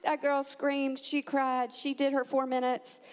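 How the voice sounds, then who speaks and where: A mother telling a family story, animated and acting out the quotes with big jumps in pitch. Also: measured pace. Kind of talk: personal storytelling. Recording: long hall reverb.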